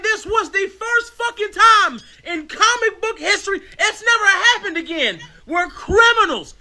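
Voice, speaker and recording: A man ranting loudly and profanely in a comic commentary clip. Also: very high voice. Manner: loud, profane, animated ranting. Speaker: online commentator in a reacted-to clip.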